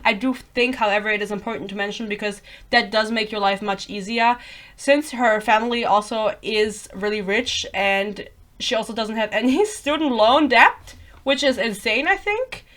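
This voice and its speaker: A woman's voice: a little high, moderate pace, a bit bright. Blunt, sarcastic woman on a rambling rant. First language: bilingual. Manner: blunt, sarcastic, swears freely; rambling, self-interrupting tangents. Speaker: book reviewer. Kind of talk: casual vlog rant.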